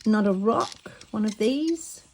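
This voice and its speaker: A woman, chatting casually and excitedly while showing a craft project, often stumbling over her words. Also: mid-range voice, slow pace. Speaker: craft vlogger.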